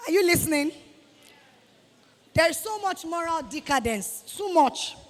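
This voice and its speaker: A woman with a Nigerian accent giving an animated motivational talk to students, scolding them and acting out quoted voices. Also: very high voice, a little slow, long reverb tail. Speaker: guest speaker to students. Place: hall with students.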